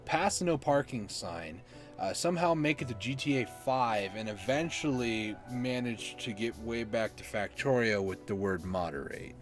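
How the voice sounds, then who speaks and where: A man's voice: mid-range voice, lively intonation, normal speed, soft background music. A man giving casual gameplay commentary, rambling and mocking himself, chuckling often. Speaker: gaming YouTuber.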